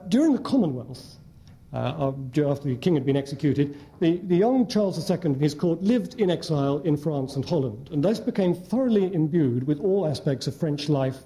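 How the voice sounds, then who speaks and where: Dark-voiced man giving a lecture. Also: on the high side. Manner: measured, with frequent hesitant fillers. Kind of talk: academic lecture with slides. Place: lecture hall before an audience.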